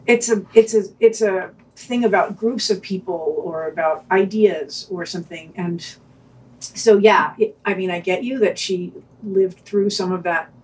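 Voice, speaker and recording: A woman's voice: mid-range voice, a little slow, a little mellow, distant mic. Woman podcast co-host, wry and hesitant, speaking a little off-mic. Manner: wry, hesitant, restarts her thoughts. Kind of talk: podcast reviews and casual discussion.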